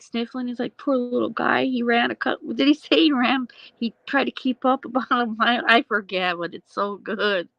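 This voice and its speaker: A woman's voice: medium pitch, no room sound, lo-fi sound. A woman hosting a casual livestream, rambling between thoughts, laughing often and swearing freely. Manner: laughs often, swears, trails off mid-sentence. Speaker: livestream host.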